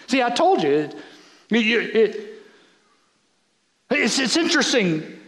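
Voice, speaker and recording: A man's voice: extremely high pitch, sing-song, slow, a bit bright, reverberant. A man, a bishop, preaching a folksy sermon, repeating words as he builds.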